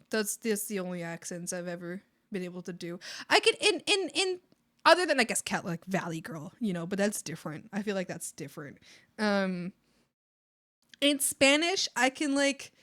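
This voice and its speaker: A woman's voice: medium pitch, a bit bright, dry recording, studio quality. A Canadian woman from the Maritimes chatting casually on a live art stream, bubbly and giggly, rambling with lots of fillers.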